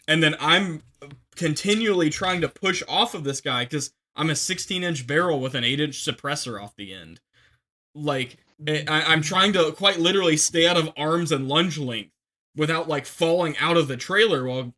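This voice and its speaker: A young man tells a combat story in a casual podcast chat, with a bright, sharp voice set a little high for a man. He rambles and restarts a lot, then shouts when he acts out the orders he gave. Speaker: podcast guest telling a war story.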